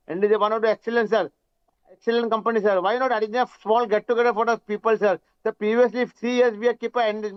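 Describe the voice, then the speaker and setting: An Indian man speaking as a shareholder over a video call, deferential, calling everyone "sir" and slipping into Hindi. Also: high voice. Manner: deferential, says "sir" constantly, mixes in Hindi. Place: Mumbai. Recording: dull lo-fi call audio.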